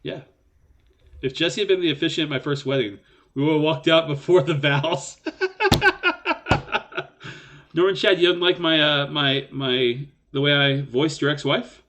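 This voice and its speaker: A man's voice: on the high side, steady tone, normal speed, long pauses, background noise. A man co-hosting a poker live stream in casual banter, joking and self-mocking and laughing often.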